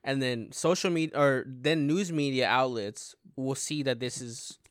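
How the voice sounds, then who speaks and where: A man's voice: medium pitch, measured pace, smooth, no room sound, clean studio sound. A man in casual, profane podcast chat as co-host, laid-back and easygoing.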